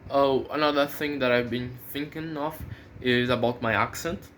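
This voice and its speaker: A man's voice: mid-range voice, a bit bright, a little hiss or hum. A man who is not a native English speaker, hosting his own channel and thinking aloud in a casual vlog, with many fillers and restarts. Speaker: channel host.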